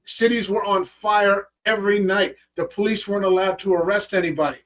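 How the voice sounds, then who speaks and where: Fifty-something male host, high voice a little far from the mic, swears freely while telling stories. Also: fairly even intonation, brisk, fairly bright tone. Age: 50s. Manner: profane, storytelling, acts out his own past remarks. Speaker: podcast host. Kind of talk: casual interview chat.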